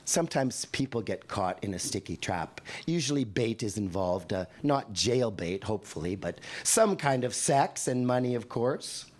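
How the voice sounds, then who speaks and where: A man's voice: fairly low pitch, expressive, moderate pace, hardly any pauses, a little mellow. A man in his sixties from Canada performing wry, profane poetry on a live venue stage into a handheld microphone. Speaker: poet.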